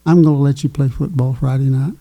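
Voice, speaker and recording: An older man voicing his exasperated high school football coach, who yells and scolds while retelling a story. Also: steady tone, fast, lightly acted. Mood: gruff.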